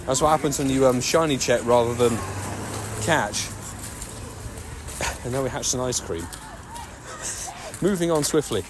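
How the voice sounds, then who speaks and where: A man talks nonstop as he walks city streets on a live stream, narrating each find with excitable, chatty energy. His voice sits at an ordinary middle pitch. Loud traffic and street noise surround him throughout. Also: unhurried, pauses often. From United Kingdom. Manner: chatty, excitable running commentary, talking nonstop like a radio DJ. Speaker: streamer playing a mobile game. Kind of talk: live-stream commentary while walking.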